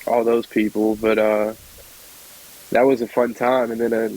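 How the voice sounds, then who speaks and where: A man in his twenties, a podcast guest, casually telling a personal story with many fillers and restarts, jumping into lively voices when he quotes people. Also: on the low side, unhurried, poor audio. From Georgia, USA. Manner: rambling, filler-heavy, lively when quoting others.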